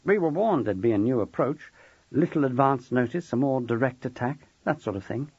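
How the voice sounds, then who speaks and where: A man playing a wry, joking schoolteacher with a husky, lively voice. The audiobook sound is dull and dry. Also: mid-range voice, moderate pace, no room sound. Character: wry, witty male teacher, head of sixth form.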